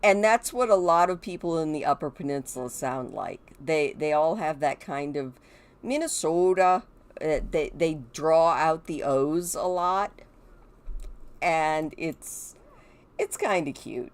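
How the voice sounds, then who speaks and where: Midwestern woman, middle-aged, slow chatty gaming commentary, lowish voice. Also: lively intonation. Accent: Midwestern American. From Michigan, USA. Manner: chatty, talks to her game characters and viewers. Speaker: gaming video creator. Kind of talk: casual game commentary.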